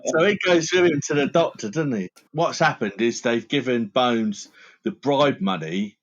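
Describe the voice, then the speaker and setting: A man's voice: mid-range voice, normal speed, highs cut off. A man co-hosting a podcast, casually retelling comedy scenes and laughing. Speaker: podcast co-host. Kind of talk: casual chat.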